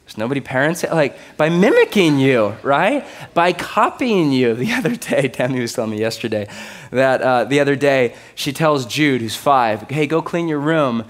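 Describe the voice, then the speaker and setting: Very animated and speaking at a normal pace, a thirty-something pastor with a mid-range voice gives a loose, humorous sermon. He regularly asks his listeners questions.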